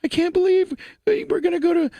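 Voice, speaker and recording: A man imitating his young fiancée in a high squealing falsetto, gushing and tearful. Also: fast, mellow, dry recording. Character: tearful gushing young small-town woman.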